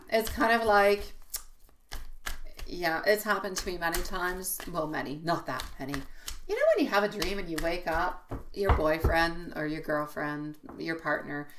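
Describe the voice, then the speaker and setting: Woman, thirties, live tarot reader, bright tone, affectionate, rambling chat. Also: lowish voice, slight background noise. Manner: affectionate, calls viewers sweetie and my love; chatty, laughs often, rambles. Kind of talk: live-stream tarot reading.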